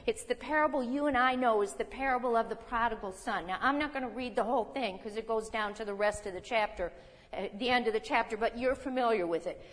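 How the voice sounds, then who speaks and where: Preacher, woman, fairly high voice, conversational sermon delivery, long reverb. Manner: conversational, checks in with the audience, slows for emphasis.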